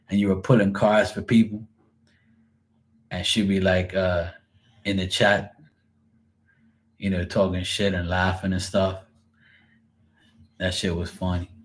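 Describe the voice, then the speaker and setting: Guy doing tarot reads on a livestream, low voice, laughs a lot, swears casually, super loose chat. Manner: laughs often, profane, joking. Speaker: tarot reader.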